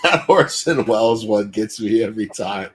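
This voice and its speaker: Laughing host, deep casual voice. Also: male voice, animated, moderate pace, breathy edge. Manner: laughing, joking, mock impressions. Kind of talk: casual chat.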